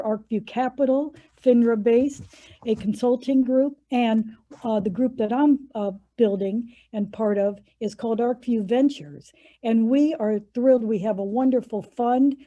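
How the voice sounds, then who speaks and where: Moderator: enthusiastic woman, warm mellow tone, slightly higher pitch, lo-fi call sound. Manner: enthusiastic, upbeat. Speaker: panel moderator. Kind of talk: virtual panel introduction. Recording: dull lo-fi video call audio.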